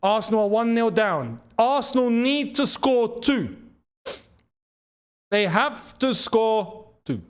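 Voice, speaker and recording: Excitable man, lively high voice. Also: slow, pauses often, clear, resonant tone. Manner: excitable, bursts into high shouts and laughter. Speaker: football channel host. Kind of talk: live football watchalong commentary.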